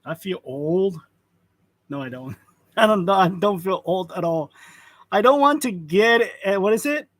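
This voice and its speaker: A man's voice: sits high, animated, measured pace, a bit bright, dry recording. Chuckling man in his forties, dry close sound. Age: 40s. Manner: greets viewers by name, chuckles often. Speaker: host of a live stream. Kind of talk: casual live-stream chat. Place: print shop. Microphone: wireless lavalier.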